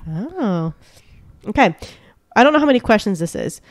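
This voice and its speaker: A woman co-hosting a podcast, reading out trivia questions in casual chat and quickly praising right answers. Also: mid-range voice, sing-song, no room sound, clean studio sound. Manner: reads questions, laughs easily, quick praise. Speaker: podcast co-host reading a quiz.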